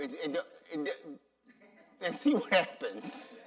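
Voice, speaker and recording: A male pastor delivering a sermon with a high, animated voice and a bright edge. He speaks slowly and deliberately, repeating words for emphasis. The mic sounds somewhat far from him. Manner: slow, deliberate and emphatic, with repetitions.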